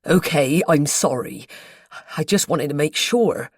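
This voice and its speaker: Lady doing a low-voiced north devon bloke, slow and confiding, dry close mic. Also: darkish tone, breathy edge, no room sound. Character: plain-spoken local man, earnest, guarded. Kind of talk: audiobook character voice.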